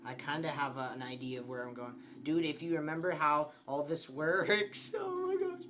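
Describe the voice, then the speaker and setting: A man's voice: a little high, flat delivery, moderate pace, sharp tone, a little hiss or hum. Jumpy young man playing a horror game. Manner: jumpy, swears often, yelps and shrieks when scared. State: slightly sick. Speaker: gameplay streamer.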